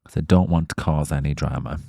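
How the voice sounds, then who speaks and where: A young Irish man, a podcast co-host, telling a sweary, animated story in casual chat. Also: rumbling low, brisk, creaky, dry recording, studio quality. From Ireland. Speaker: podcast co-host and tour guide.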